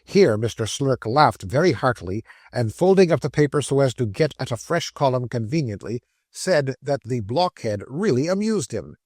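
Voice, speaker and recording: Male audiobook narrator, classic novel, mid pitch, dry close sound. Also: big pitch swings, normal speed, few pauses, a little mellow, no echo.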